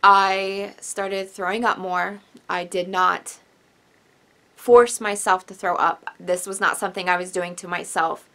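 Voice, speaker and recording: A young woman talks straight to the camera in a bright, forceful voice, rambling through a personal story. She sounds emotional and tearful at times, sighing and apologizing as she goes. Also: mid-range voice, steady tone, unhurried. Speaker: vlogger.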